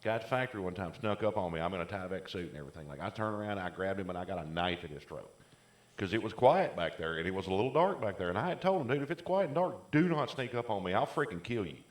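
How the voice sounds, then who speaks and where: A man's voice: low voice, expressive, fast talker, echoey room. A man co-hosting a casual chat podcast, telling long rambling stories full of "like" fillers. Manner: rambling storyteller, many "like" fillers. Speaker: podcast co-host.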